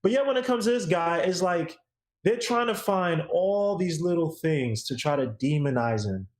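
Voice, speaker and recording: Man, podcast co-host, slangy emphatic rant, somewhat high voice, echoey room. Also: animated, moderate pace. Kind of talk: casual opinion chat.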